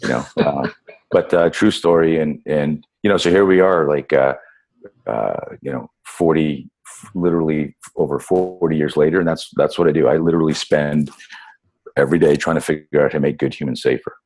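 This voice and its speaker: A man in his fifties, a guest on a podcast, telling stories in a lively, casual way full of fillers and restarts. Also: a bass voice, normal speed. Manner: animated storyteller, many fillers and restarts. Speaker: guest, self-defense instructor. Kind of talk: casual storytelling interview.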